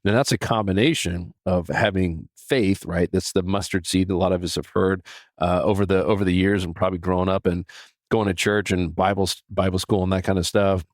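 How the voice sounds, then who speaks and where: A man with a very deep, low voice speaks in an earnest, animated way, often restarting his sentences. He sounds middle-aged, and the recording is dry and close with no room sound. It is a casual devotional talk. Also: a little fast, no room sound. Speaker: podcast host.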